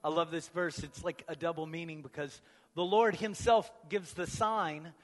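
A man's voice: steady tone, normal speed. Dynamic male pastor preaching in a reverberant hall. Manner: swings from booming emphatic proclamation to hushed near-whispers. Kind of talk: sermon. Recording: long reverb of a large hall.

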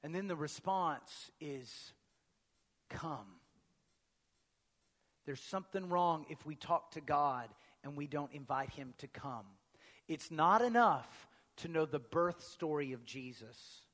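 A male pastor preaching a sermon, swinging between booming emphatic proclamation and hushed, near-whispered lines. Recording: long reverb of a large hall.

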